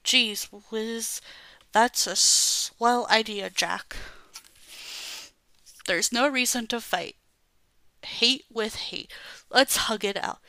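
A woman's voice: fairly high pitch, drawn-out words, long pauses, pushed and bright, clear, resonant tone, no echo, exaggerated voice. A woman voicing a cheerful, naive male sidekick with folksy gee-whiz talk, in a storybook reading. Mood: cheery.

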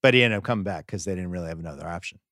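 A man's voice: low-pitched, racing, a bit bright, no room sound, clean studio sound. A man guesting on a sports podcast, talking conversationally with emphatic asides. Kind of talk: casual sports chat.

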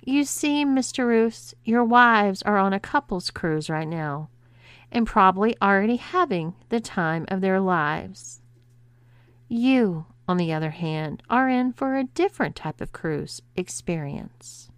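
A woman's voice: medium pitch, animated, a little slow, clean tone, dry recording, close to an everyday voice. A woman voicing a stern, commanding female cruise director who speaks with cool, controlled authority.

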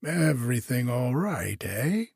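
A man's voice: mid-range voice, big pitch swings, slow pace, creaky, a little mellow, husky, no room sound, studio quality, heavily acted. A man voicing a cheeky, chatty hotel porter who jokes and confides cheerfully, as a character voice in an audiobook. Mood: joking.

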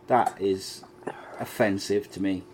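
A man's voice: deep voice, steady tone, takes it slowly, background noise. A man co-hosting a podcast who reads out viewer comments and gives blunt, mocking opinions in casual banter. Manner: blunt, mocking, swears freely. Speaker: podcast co-host reading live chat.

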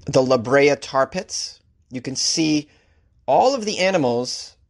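A man's voice: mid-range voice, lively intonation, takes it slowly. A man who hosts a comedy news podcast, reading odd stories and ranting about them with sarcastic mock outrage. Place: Los Angeles.

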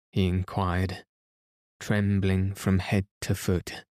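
A man reading a classic story aloud as a soothing bedtime narration, in a soft, even, unhurried manner. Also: sits low, no room sound, studio quality. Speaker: podcast host and reader.

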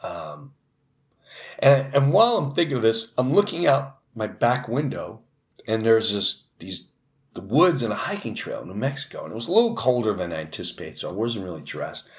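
A middle-aged man, a comedian, telling a long personal story in an animated, restless way with many restarts and asides. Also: on the low side, normal speed. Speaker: comedian host. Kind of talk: comic storytelling.

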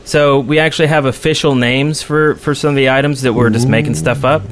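A man's voice: fairly high pitch, steady tone, a little fast, background noise. Chatty laughing male podcast host. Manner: chatty, laughs often, hums while reading a list. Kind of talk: casual chat.

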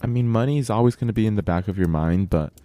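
A man with a Californian accent hosts a casual podcast chat, relaxed and leaning on "like". His voice is very low and mellow. Soft music runs faintly behind him. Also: quick pace, no echo. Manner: relaxed, fills speech with "like". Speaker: podcast host.

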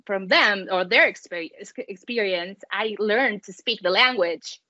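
An adult mother from Mexico whose first language is Spanish speaks English with a light Mexican accent as a guest in a casual interview. Her mid-range voice is unhurried with a sharp tone, coming in loose, friendly bursts full of fillers and restarts. The recording is dry and a bit dull, with no room sound.

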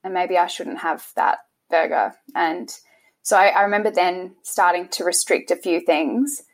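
A young woman, interviewed about her past, speaking in a soft, halting way and often restarting her sentences. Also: fairly low pitch, steady tone. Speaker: interview guest. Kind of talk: emotional personal interview.

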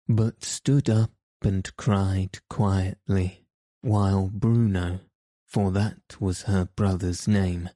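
Guy reading a fairy tale super slow, mellow low voice, dry close sound. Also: dry recording. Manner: calm, very deliberate. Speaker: narrator.

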